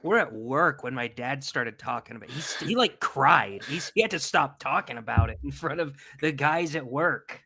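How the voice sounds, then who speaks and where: A man's voice: mid-range voice, expressive, moderate pace, hardly any pauses, sharp tone, husky, dry recording, studio quality. A young man co-hosting a casual podcast, blunt and profane with indignant outbursts. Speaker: podcast co-host. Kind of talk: casual chat.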